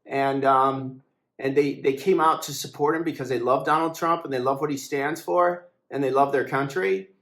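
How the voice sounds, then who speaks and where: A man talks in a rambling, aggrieved monologue, stopping often for fillers and restarting his sentences. His voice sits at an ordinary middle pitch. The room around him is echoey. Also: steady tone, moderate pace, a bit bright. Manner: hesitant, full of fillers and restarts; aggrieved, complaining. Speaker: website founder and editor. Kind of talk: casual monologue to camera.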